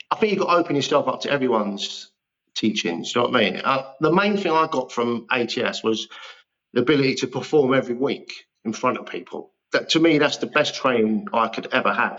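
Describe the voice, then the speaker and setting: A man's voice: medium pitch, a bit bright, lo-fi sound. A man, an actor guest talking casually and self-deprecatingly on a podcast. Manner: chatty, self-deprecating storyteller.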